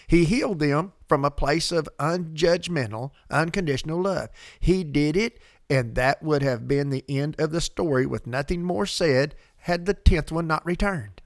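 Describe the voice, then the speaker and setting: A man co-hosting a conversational Bible discussion, emphatic and animated, with quick asides. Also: fairly high pitch, no echo, clean studio sound.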